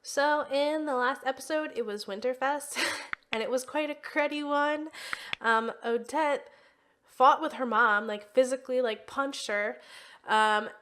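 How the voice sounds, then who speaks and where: A woman's voice: high-pitched, unhurried. A young woman hosting a let's play, narrating her life-sim game casually with lots of "um" and "like". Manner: chatty, many fillers and "like".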